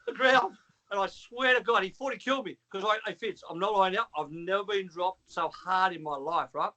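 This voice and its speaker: Animated man telling a story. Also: sits high, a little fast. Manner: animated, swearing, acts out dialogue. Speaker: former trainer, guest caller. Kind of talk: storytelling on a call.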